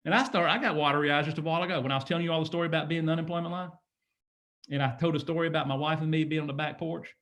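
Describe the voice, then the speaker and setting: A man's voice: a little high, rapid-fire, fairly bright tone. A man in his fifties giving an emphatic, preachy motivational talk, often asking "guess what?". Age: 50s. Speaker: motivational speaker.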